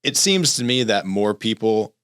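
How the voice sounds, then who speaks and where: A man with a lowish voice speaks on a podcast panel, making his points in a measured, detailed way. The recording is dry and close, with no room echo. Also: sing-song, fairly bright tone, clean tone. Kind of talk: casual panel discussion.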